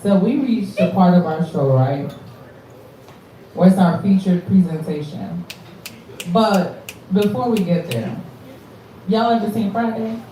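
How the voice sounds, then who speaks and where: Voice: mid-range voice, animated, unhurried, pauses often, mellow, slight background noise. An open mic host doing loose, profane banter with the crowd at a live poetry show. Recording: echoey live room, distant mic, crowd.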